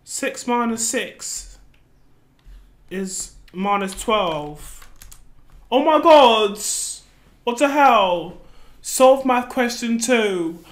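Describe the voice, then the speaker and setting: A woman's voice: fairly high pitch, animated, extremely slow, pauses often. A woman playing a frightened, clueless noob gamer in a comedic gameplay skit, gasping and exclaiming. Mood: scared. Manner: gasping, easily startled, exclaiming.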